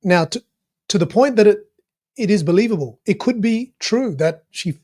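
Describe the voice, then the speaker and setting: High-pitched guy rambling through a clip breakdown, lots of uh and you know, swears a bit. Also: normal speed. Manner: animated, filler-heavy, restarts, swears casually. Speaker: commentator analysing a played interview clip. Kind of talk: casual spoken analysis.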